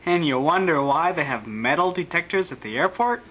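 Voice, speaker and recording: Bright-voiced man narrating home photos. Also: on the high side, animated, normal speed, rough recording. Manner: dry, joking asides.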